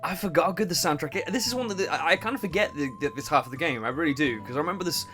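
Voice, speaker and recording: A young man giving casual, swearing, laughing commentary on a game he plays, and he keeps clearing his throat. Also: fairly high pitch, animated, very fast, pushed and bright, soft background music. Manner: chatty, swearing, laughs a lot, self-interrupting. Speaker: let's play host.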